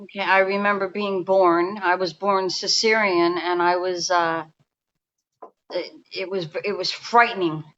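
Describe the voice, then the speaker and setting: Bright-voiced New woman in her fifties. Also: on the low side, flat delivery, unhurried, highs cut off, slight background noise. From New York. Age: 50s. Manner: rambling, restarts often, speaks in a confiding way. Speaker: guest energy healer. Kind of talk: casual storytelling interview. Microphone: remote call.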